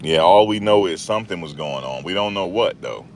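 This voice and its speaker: Deep-voiced man in chatty commentary. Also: expressive, brisk, a little hiss or hum. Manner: chatty, repeats himself, laughs at the story. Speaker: YouTube commentary host. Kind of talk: casual commentary monologue.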